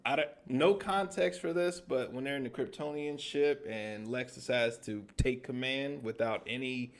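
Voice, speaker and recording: A man talking casually as a guest on a movie podcast, relaxed and blunt, swearing freely. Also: medium pitch, normal speed. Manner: laid-back, swears freely, lots of agreeing backchannel. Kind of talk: casual movie review chat.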